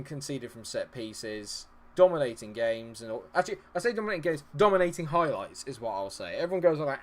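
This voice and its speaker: A man's voice: mid-range voice, sing-song, a little fast, hardly any pauses. A man streaming his own game, commentating live, exasperated, swearing and talking at the players on screen.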